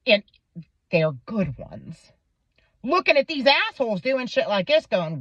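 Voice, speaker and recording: A woman vlogger telling a story in a casual, animated way, swearing a lot and laughing as she goes. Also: fairly high pitch, unhurried, no room sound, lo-fi sound. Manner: animated, heavily profane, laughs through the story. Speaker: vlog host.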